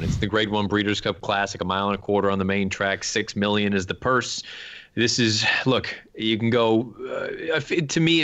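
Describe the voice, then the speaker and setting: A man's voice: on the low side, fairly bright tone, lo-fi sound. A man hosting a horse racing podcast, steering the panel and putting questions to his guests. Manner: moderating, posing questions to panelists. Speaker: podcast host.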